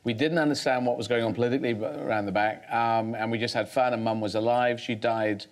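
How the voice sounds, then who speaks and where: A man's voice: mid-range voice, steady tone, fast talker. A man as a guest on a talk show, speaking thoughtfully, rambling, with many restarts.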